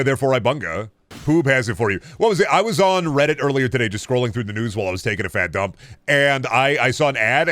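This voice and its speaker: A man's voice: fairly bright tone, no room sound. Rambling profane young male streamer. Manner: rambling and profane, reacting to chat; pitch leaps up and down often. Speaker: game streamer. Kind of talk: casual live-stream chat while gaming.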